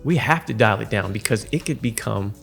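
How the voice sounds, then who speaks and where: Low gravelly man speaking in measured terms. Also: expressive, fairly bright tone, faint music behind. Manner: articulate, measured. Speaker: podcast co-host. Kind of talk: casual chat.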